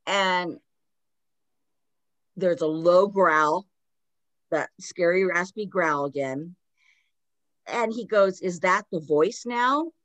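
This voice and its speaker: A woman hosting a podcast talks through a story in a relaxed, conversational way. Her voice sits on the low side and is scattered with "like" and "kind of." The sound is close and dry, with no room echo. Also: slow, long pauses. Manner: retells a story loosely, with many "like" fillers. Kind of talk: casual storytelling chat.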